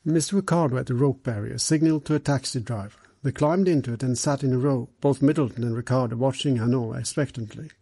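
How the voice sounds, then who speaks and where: A man reading a novel aloud as an audiobook narrator in a steady, measured way. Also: medium pitch, vocal fry, slightly rough, dry recording. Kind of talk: scripted narration.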